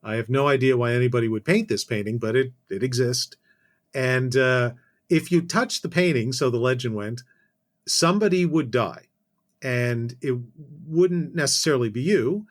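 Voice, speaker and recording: A Canadian man, a podcast guest, telling a casual story full of self-corrections and dry asides. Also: medium pitch.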